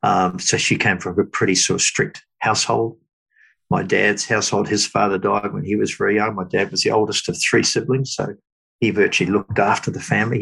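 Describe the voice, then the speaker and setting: A middle-aged man talks slowly and thoughtfully in a low, gravelly voice. There is a husky grain to it. He often stops, restarts, and fills gaps with small words. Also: fairly bright tone, poor audio. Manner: halting, thoughtful, many fillers and restarts. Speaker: guest. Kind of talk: reflective interview talk.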